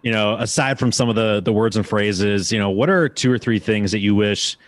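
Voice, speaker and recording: A man's voice: fairly low pitch, fairly quick, no room sound. A man from Wisconsin hosting an interview, chatting casually and reacting with enthusiasm. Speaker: podcast host.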